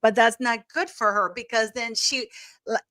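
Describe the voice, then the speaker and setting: A woman's voice: a little high, moderate pace, pushed and bright, no room sound. A woman co-hosting a live stream in casual chat. She thanks viewers often and laughs easily.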